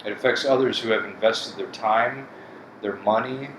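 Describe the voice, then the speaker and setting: A man in a bitter, profane rant, with a somewhat low voice. He speaks bluntly to his viewers. The room rings with echo, and air conditioning hums steadily behind him. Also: moderate pace, noisy background. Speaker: vlogger. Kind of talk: casual monologue to camera.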